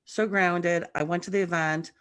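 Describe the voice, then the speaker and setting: Woman medium chatting on a video call, animated storyteller, bit of morning roughness in her voice. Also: on the low side, moderate pace. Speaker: guest medium. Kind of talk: casual chat.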